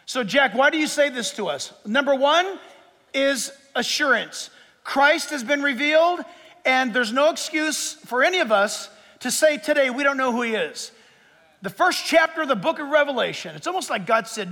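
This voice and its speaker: A man preaching a sermon as pastor, lively and joking as he walks through numbered points. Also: very high-pitched, moderate pace, long reverb tail. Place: church sanctuary with a live audience.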